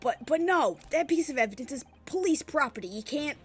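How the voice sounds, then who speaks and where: A woman's voice: high-pitched, lively intonation, fairly quick, faint music behind, voice pushed up. A woman voicing a flustered, defensive male police inspector in a video game, stammering as she reads.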